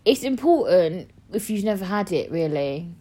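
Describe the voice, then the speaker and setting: A woman's voice: on the low side, very animated, moderate pace, dark tone. A young woman hosting a podcast, chatting casually, bluntly and animatedly, with a lot of swearing. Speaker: podcast host. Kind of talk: casual chat.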